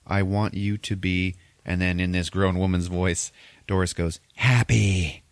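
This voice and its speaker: Deep-voiced man recapping a movie. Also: completely flat delivery, clear, resonant tone, no echo. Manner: profane, laughing, acts out characters in quick bits. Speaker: podcast host.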